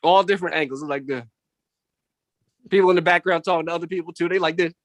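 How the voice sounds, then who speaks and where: A man doing animated stand-up comedy over a video call from home, jumping into voices of family and coworkers. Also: on the high side, quick pace, no echo. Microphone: computer mic on a video call.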